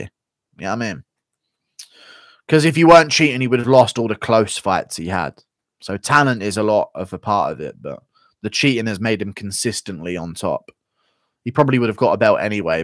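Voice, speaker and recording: A man's voice: lowish voice, a bit bright, dry recording. A man hosting a live stream, reading out donations and answering chat questions in a blunt, profane, rambling way. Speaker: streamer host.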